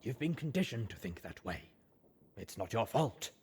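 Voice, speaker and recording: Brief: male reader as a dry, calm pony mare, a bit raised and husky, fan audiobook. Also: on the low side, normal speed, pitched above the performer's own voice, full character voice. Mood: soothing. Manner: calm, dry, soft-spoken. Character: tough young mare, snide but now calm and soothing. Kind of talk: audiobook character reading.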